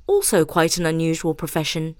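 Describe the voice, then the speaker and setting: A woman hosting a show, reading a children's story aloud in an expressive way. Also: low-pitched, brisk, dry recording, studio quality. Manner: expressive, animated. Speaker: host reading children's stories.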